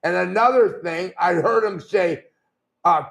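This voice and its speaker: An older man, once a wrestler, speaks in a high, slightly slow, gravelly voice with a fairly bright tone. Appearing as a guest in a shoot interview, he rambles through blunt, profane stories.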